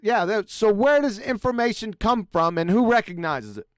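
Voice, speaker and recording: Insistent man with a high, clear voice. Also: expressive, moderate pace, dry recording. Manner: insistent, lecturing, repeats himself. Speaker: host. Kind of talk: casual debate on a live call.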